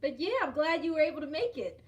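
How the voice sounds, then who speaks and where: Woman, high voice, live stream host, casual chat, laughs a lot, greets chatters. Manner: animated, laughs often, greets chatters by name.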